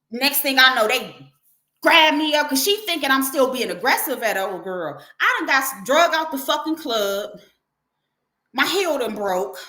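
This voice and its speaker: A middle-aged woman hosting a livestream tells a story in a casual way, animated and profane, acting out the quotes as she goes. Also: sits high, normal speed, echoey room. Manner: animated, profane, acts out quotes in her telling. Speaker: livestream host.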